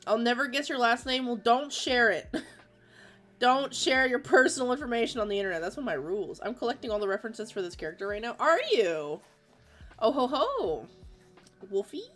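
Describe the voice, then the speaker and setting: Drawing live on stream, a Floridian woman in her thirties chats casually, reads out chat messages and laughs a lot. She sounds animated and a little fast, with a high-ish, fairly bright voice and faint music behind her.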